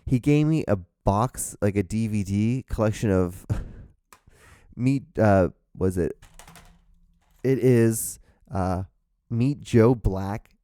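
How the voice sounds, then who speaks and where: A young man rambles through a solo episode of his own show. He talks in a low, dark voice, full of fillers and restarts, and swears a lot. He sounds tired, as if his voice is wearing out, and the room is dry and close. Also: slow pace, long pauses, clean tone, no echo. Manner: rambling, profane, self-deprecating, lots of fillers and restarts. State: tired, voice going out. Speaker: host.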